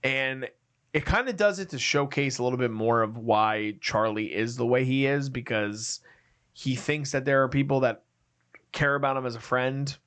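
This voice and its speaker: A man co-hosting a film review podcast, talking casually and acting out movie scenes with quick quoted voices. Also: mid-range voice, a bit bright, clean tone. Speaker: podcast co-host.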